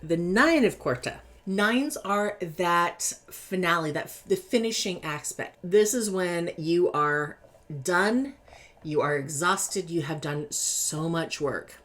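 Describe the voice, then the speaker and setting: A woman's voice: on the low side, takes it slowly. A woman from California with a Californian accent, chatting casually as she reads tarot cards. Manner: lively, chatty, laughs easily, animated emphasis. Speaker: tarot reader. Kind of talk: casual tarot deck interview reading.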